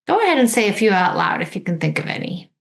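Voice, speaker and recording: A woman's voice: medium pitch, very animated, fast talker, gravelly. A woman teacher giving an instructional video lesson, patiently modeling words and prompting the listener to repeat.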